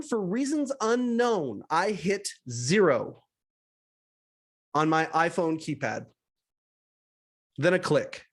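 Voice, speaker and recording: A high-voiced man from western Canada reads his own essay aloud as a podcast host. He tells it with animated energy and drops wry asides to his listeners. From British Columbia, Canada. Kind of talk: reading a personal essay aloud.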